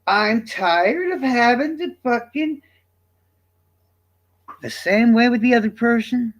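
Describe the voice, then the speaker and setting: A man's voice: extremely high pitch, animated, slow. A man streamer from the American South, delivering a profane, combative rant straight at his chat. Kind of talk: ranting livestream monologue.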